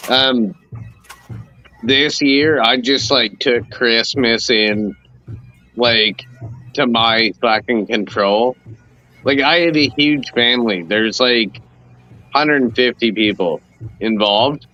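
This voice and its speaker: A man from Canada co-hosting a podcast, chatting casually in a relaxed, rambling way full of fillers. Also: mid-range voice, takes it slowly, pauses often, muffled recording. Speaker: podcast co-host. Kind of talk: casual chat.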